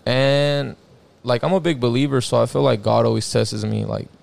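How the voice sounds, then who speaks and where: A young man recounts a personal story in loose, casual chat, his voice heavily gravelly with a deep vocal fry. His talk is slangy and full of swearing, with "bro" and "like" dropped in constantly. His pitch sits at an everyday middle level. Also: steady tone, moderate pace, darkish tone. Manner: slangy, profane, peppered with "bro" and "like". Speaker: guest telling a personal story.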